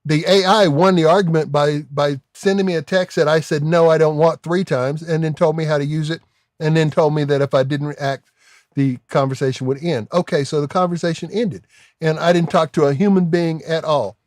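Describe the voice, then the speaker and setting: Animated man telling a tech-support story. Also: fairly high pitch, no room sound, studio quality. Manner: animated storytelling, quick laughs. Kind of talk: casual live-stream banter.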